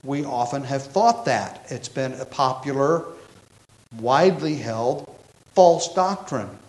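A man's voice: medium pitch, expressive, slow. A man pastor preaching an expository sermon, emphatic and explanatory, with frequent self-corrections. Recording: echoey room.

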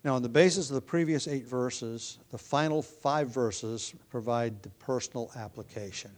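Man preaching a measured sermon. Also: medium pitch. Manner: measured teaching delivery with occasional restarts. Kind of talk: expository sermon.

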